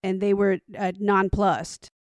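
A woman in her fifties, a guest comedian in a casual panel chat, telling stories in a relaxed, unhurried way. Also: medium pitch, no room sound, studio quality.

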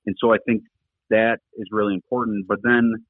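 Middle-aged ex-coach, low husky voice, earnest and rambling, heard over a thin phone line. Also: male voice, flat delivery, normal speed, no echo. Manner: earnest, rambling with many fillers. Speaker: former rugby coach, podcast guest. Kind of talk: casual conversational interview talk. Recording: tinny phone-line audio, dry.

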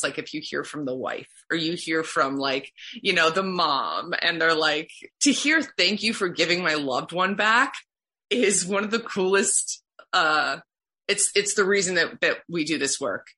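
Low husky woman therapist speaking earnestly. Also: sharp tone. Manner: earnest, heartfelt, filler-heavy. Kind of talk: conversational interview answers.

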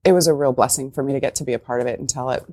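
A woman's voice: extremely low pitch, racing, mellow, dry recording. A woman in her forties, chatting and laughing often as a guest on a TV talk show in a studio. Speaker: actor guest.

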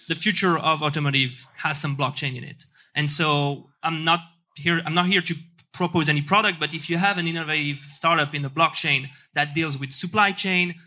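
A man giving a short, earnest business pitch, slightly halting. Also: pushed and bright. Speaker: corporate lab employee giving a pitch.

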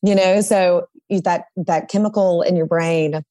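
Woman guest, divorce attorney, lowish voice, dry close recording, reflective and candid. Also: fairly even intonation, unhurried, warm tone, no echo. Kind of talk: conversational interview.

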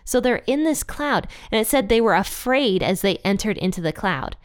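Young woman chatting through a bible passage on her podcast, smooth clear voice, dry close sound, lots of "i mean" and guessing out loud. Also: medium pitch, expressive, normal speed, dry recording. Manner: chatty, thinks aloud with fillers and speculation. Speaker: podcast host teaching the Bible. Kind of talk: casual Bible teaching podcast.

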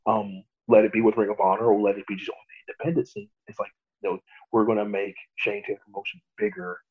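A young man with a low, husky voice tells his story in a relaxed interview, laughing often and acting out what others said. The sound comes through a thin, phone-like line. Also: fast talker. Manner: animated, laughs often, acts out quotes. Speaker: pro wrestler guest.

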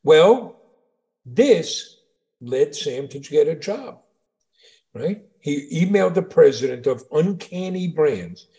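A middle-aged man from New York co-hosts a casual chat, telling jokes and reading out news stories. His voice has a gravelly fry, and he tells stories with animated energy. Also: fairly high pitch, takes it slowly. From New York, USA. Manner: animated storyteller, reads stories aloud. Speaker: podcast co-host, father.

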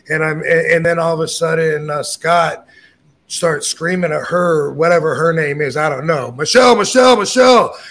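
Middle-aged male host, gravelly, slightly higher pitch, blunt casual storyteller. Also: a bit bright. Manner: blunt, profane, acts out quoted lines. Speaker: podcast host telling a story.

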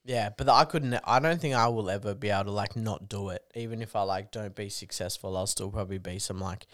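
A man's voice: on the low side, brisk, fairly bright tone, no echo, studio quality. A young man, a comedian guest, chatting in a laid-back way, full of "like" and "dude". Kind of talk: casual chat.

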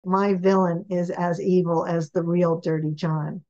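Woman author guest talking love and relationships, punchy and animated, slightly muffled sound. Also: fairly low pitch, unhurried. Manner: emphatic, animated storytelling. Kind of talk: podcast interview.

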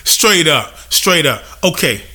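High bright-voiced man ranting comedically. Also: big pitch swings, slow pace. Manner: profane, emphatic, mimics customers in high voices. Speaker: podcast host. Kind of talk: comedic venting rant.

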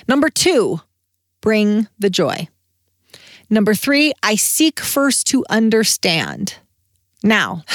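A woman's voice: medium pitch, no echo, clean studio sound. A woman in her thirties hosting a solo podcast, talking in a candid, encouraging, conversational way. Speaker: podcast host.

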